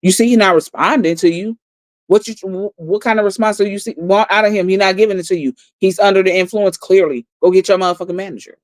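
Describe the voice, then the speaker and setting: Brief: blunt livestreamer retelling a night out, mid-pitched, dry close sound. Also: a little fast, no echo. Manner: blunt and profane, repeating lines for emphasis. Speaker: livestream host. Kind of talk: heated storytelling recap.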